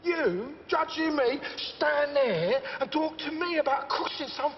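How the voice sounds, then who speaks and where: A gruff, volatile London gangster. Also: male voice, extremely high pitch, lively intonation, measured pace, long reverb tail, lo-fi sound, a little hiss or hum. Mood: ranting. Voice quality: gruff, profane, rambling. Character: volatile middle-aged male London gangster, swaggering. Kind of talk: TV crime drama acting.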